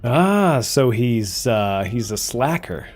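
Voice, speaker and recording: A man's voice: mid-range voice, sing-song, takes it slowly, darkish tone. A man streaming a video game, giving playful, jokey commentary. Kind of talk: casual gameplay commentary.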